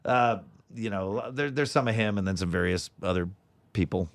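Forties guy, voice actor talking casually, lotsa uh and you know, kinda low voice. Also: fairly quick, creaky, dry recording. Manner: rambling, with many fillers and restarts. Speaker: guest voice actor. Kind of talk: casual interview chat.

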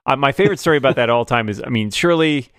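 A man's voice: medium pitch, lively intonation, very fast, a bit bright, clean tone, dry recording, studio quality. A man co-hosting a podcast, telling playful anecdotes in casual chat. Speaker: podcast co-host.

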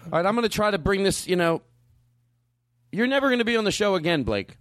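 A man's voice: high voice, lively intonation, quick pace, a bit bright, dry recording, clean studio sound. A man hosting a comedy podcast, talking defensively and sounding flustered. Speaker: podcast host.

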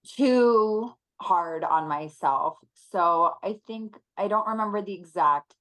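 A woman in her thirties talking earnestly and emotionally as a podcast guest, with many pauses and fillers. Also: medium pitch, fairly bright tone, low-quality recording. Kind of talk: casual interview chat.

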